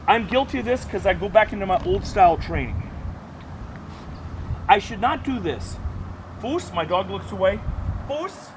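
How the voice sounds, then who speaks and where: Man, dog trainer, workshop lecture, lively higher voice, outdoor noise behind. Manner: animated, barks out dog commands sharply.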